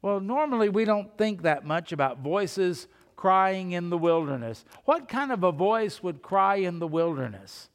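A man's voice: sits high, very animated, unhurried, hardly any pauses, long reverb tail. A man preaching a sermon as pastor, telling stories in a folksy, conversational way. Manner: folksy storytelling with asides.

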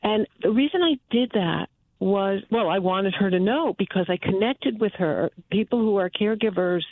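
A woman caller tells a heartfelt personal story, earnest and halting, often stopping to restart a thought. Her voice comes through a thin, tinny phone line. Her pitch is medium. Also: lively intonation.

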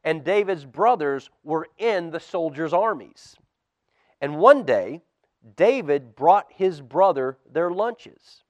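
A man, a pastor, reading a storybook aloud to children at a church service, animated and dropping to a hush for suspense. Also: on the high side, takes it slowly, no room sound, muffled recording.

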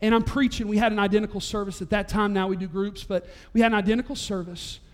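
A pastor with a very high-pitched male voice preaches a sermon in a church, telling a story with lively energy and building to loud, emphatic peaks. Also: fast. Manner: storytelling, animated, voice rising to near-shouts at climaxes. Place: church sanctuary.

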